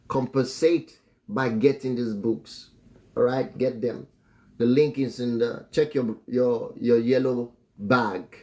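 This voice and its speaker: His voice is medium in pitch and a little mellow. Teaching about marriage in a preachy way on a live stream, this relationship teacher and author keeps repeating phrases and frequently chuckles between points.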